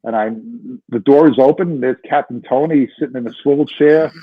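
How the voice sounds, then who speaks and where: A man in his sixties, a retired fire lieutenant, telling a story as a podcast guest in a lively, restarting way. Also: medium pitch, brisk, no echo. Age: 60s. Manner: animated storyteller, frequent restarts. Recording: tinny phone-line sound.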